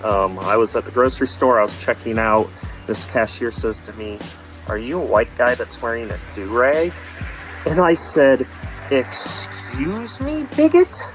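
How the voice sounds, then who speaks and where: A man's voice: medium pitch, very animated, a little slow, faint music behind, rough recording. A man playing an indignant, whiny self-righteous vlogger. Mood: mock-indignant. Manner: indignant, mock-aggrieved. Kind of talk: satirical vlog sketch.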